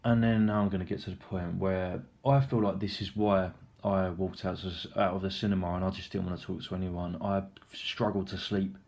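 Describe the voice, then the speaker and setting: A man's voice: sits low, level tone, fairly quick, few pauses, a little mellow. A young man casually recapping a film, rambling, swearing freely and acting out the scenes. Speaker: film reviewer.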